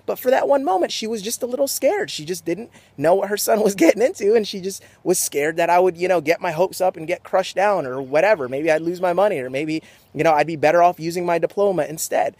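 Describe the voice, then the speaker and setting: A young man giving an energetic motivational talk to camera, just off a sports game. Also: high voice, fast, no echo. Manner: energetic, pumped up, preachy. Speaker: motivational vlogger.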